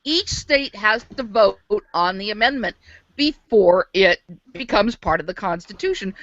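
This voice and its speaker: An American woman with a high, very lively voice, speaking in a casual group video chat. Her call audio is dry and dull, and she talks points through while second-guessing her facts. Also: no room sound. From United States.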